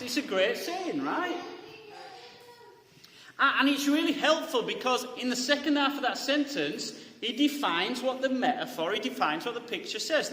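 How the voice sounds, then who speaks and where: Brief: male pastor, chatty sermon delivery, bright forceful tone, long hall reverb. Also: extremely high pitch, animated, normal speed. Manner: chatty, asks "right?" often, restarts phrases. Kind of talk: conversational sermon. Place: church hall.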